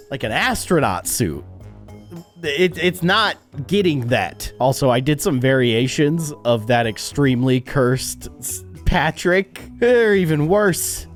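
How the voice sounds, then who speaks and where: A man doing casual reaction commentary as a YouTuber, animated, laughing and easily shocked, on a close desk mic. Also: fairly high pitch.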